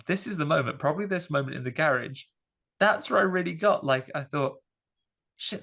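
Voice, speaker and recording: Gravelly-voiced man rambling about a film. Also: mid-range voice. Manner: rambling, animated retelling with fillers. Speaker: podcast host. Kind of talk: casual film review chat.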